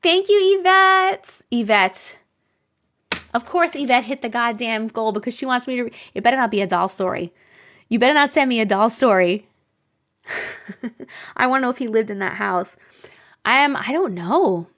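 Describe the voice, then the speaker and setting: A woman's voice: on the high side, animated, normal speed, long pauses, fairly bright tone. A woman with a New York accent hosting a casual live stream, chatting with viewers, exclaiming and laughing often. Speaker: live stream host reading viewer stories.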